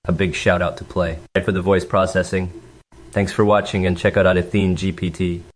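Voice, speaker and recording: A man's voice: low voice, flat delivery, normal speed, a little hiss or hum. A man presenting a product announcement in a slightly hesitant way with fillers. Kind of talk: promotional announcement.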